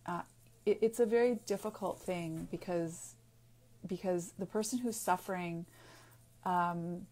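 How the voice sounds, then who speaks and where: A woman speaking off the cuff in a personal video, earnest and halting, with frequent restarts and pauses as she searches for words. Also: lowish voice, darkish tone. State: getting emotional. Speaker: naturopathic doctor and author. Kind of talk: unscripted personal video talk.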